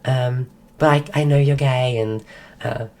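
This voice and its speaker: A woman's voice: very deep voice, steady tone, a little slow, dark tone. A woman streamer telling a rambling story in a casual way while sick and losing her voice. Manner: rambling, full of "like" and restarts. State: sick, voice going.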